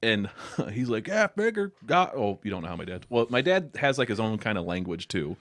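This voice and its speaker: A man's voice: fairly low pitch, lively intonation, brisk, no echo, clean studio sound. A young man chatting as a podcast guest, telling rambling stories with plenty of swearing and laughter. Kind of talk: casual chat.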